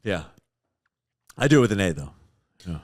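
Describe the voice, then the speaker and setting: Low-voiced man in casual podcast chat. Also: moderate pace. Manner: relaxed, musing, trails off into "like". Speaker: podcast co-host.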